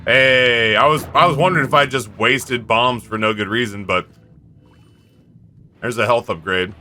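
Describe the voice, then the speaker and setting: A man's voice: medium pitch, pushed and bright. A man streaming live, telling stories in a rambling, candid way. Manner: rambling, candid storytelling with quick impressions. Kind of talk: casual chat.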